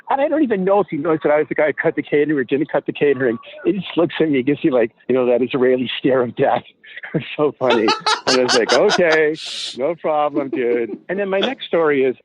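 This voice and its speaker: A man telling an animated story as a guest on a podcast, acting out the people in it. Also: medium pitch, slightly rough. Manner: animated storyteller, acts out voices. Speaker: guest promoter. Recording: tinny phone line.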